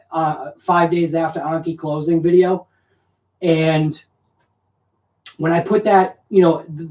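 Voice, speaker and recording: A man's voice: high voice, dark tone. A man hosting a casual live stream in a room at home, rambling and joking and laughing often. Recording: echoey room, distant dull mic.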